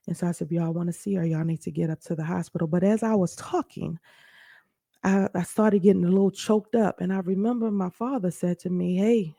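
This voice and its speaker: Dark, gravelly woman speaking earnestly. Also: lowish voice, no echo, clean studio sound. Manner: earnest, conversational, speaks directly to listeners. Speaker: podcast host. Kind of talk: personal storytelling and teaching.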